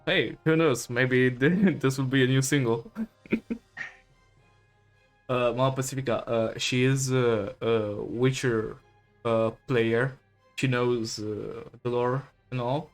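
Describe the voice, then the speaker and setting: Male podcast host, slow, smooth voice, relaxed, laughs often, faint music behind. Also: mid-range voice. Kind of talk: casual podcast chat. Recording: slightly dull stream audio with faint music.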